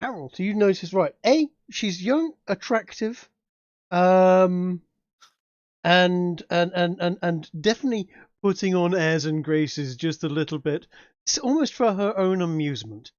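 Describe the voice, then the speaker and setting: A man's voice: sits high, measured pace, no room sound, dull audio. A man with an English accent, narrating as dungeon master, hesitant with frequent restarts. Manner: hesitant, many fillers and restarts. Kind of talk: narrating a tabletop game.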